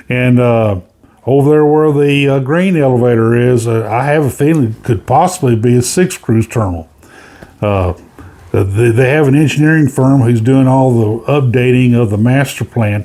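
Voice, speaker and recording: A man's voice: medium pitch, warm tone. A man hosting casual cruise news commentary, rambling with many fillers and restarts.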